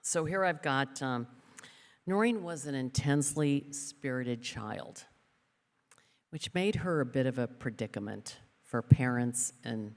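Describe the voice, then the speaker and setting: A woman's voice: very deep voice, expressive, a little slow. A woman giving an award acceptance speech in a large event hall, chatty and joking, with fillers. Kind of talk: ceremony speech. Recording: long hall reverb.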